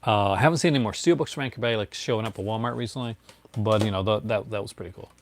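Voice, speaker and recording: This collector talks at a racing clip in a lowish voice while chatting his way through his discs for a livestream audience. He wanders off topic, laughs often and says hello to viewers by name, with a little hiss or hum in the background.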